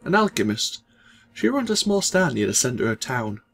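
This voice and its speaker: A man's voice: mid-range voice, big pitch swings, normal speed, vocal fry, a bit bright, a little hiss or hum. A man reading as a chatty portly shopkeeper. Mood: gossipy. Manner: folksy, opinionated, rambling. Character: portly smiling male village shopkeeper, chatty and gossipy.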